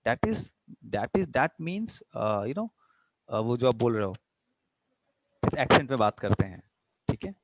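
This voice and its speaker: This online vocabulary lecture comes from a man with an Indian English accent who switches between English and Hindi and quizzes listeners to confirm they follow. His medium-pitched voice swings widely in pitch, moves very fast with frequent pauses, and sounds lo-fi.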